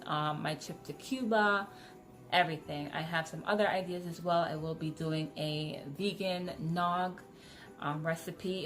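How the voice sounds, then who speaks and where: Low-voiced woman vlogging, kinda muffled from retainers, chatty and excited, faint music behind. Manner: talking with retainers in, slightly muffled; chatty, excitable, self-correcting. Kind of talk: casual chat to camera.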